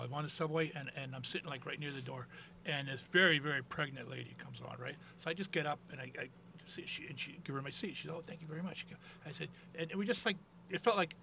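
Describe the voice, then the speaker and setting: High gravelly-voiced guest man. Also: bright, forceful tone, a little hiss or hum. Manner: rambling anecdote teller with many restarts. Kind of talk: casual chat.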